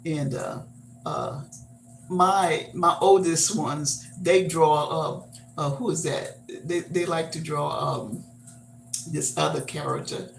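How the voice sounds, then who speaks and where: An older woman hosting a live stream, chatting casually and haltingly with many fillers and repeated words. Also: low voice, vocal fry, faint music behind. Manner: reminiscing, homespun. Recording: roomy echo.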